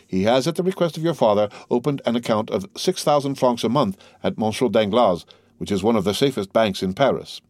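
A man reading aloud who voices a composed, worldly nobleman in a smooth, reassuring, measured manner. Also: on the low side, lively intonation, a little mellow, no echo, clean studio sound. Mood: assured.

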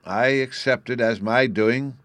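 A man's voice: mid-range voice, measured pace, a bit bright, dry recording, pitched above the performer's own voice, close to an everyday voice. A man doing a mild, easygoing old warden. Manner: mild and unconcerned. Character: mild, easygoing male warden, gentle ruler.

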